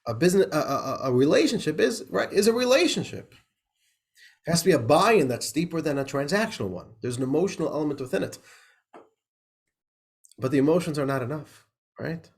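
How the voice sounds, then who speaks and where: A rabbi teaches an informal class in a chatty, questioning way. His voice sits a little high for a man, and he laughs often and breaks off to restart his sentences. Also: animated, a little fast, vocal fry, long pauses. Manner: conversational, laughing, lots of "right?" and restarts. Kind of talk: informal class lecture with a joke.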